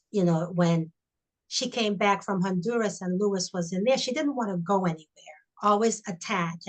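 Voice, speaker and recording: Middle-aged woman, earnest storyteller, reflective and halting, video call. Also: medium pitch, low-quality recording. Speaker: guest, bereaved mother and institute founder. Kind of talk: conversational webinar storytelling.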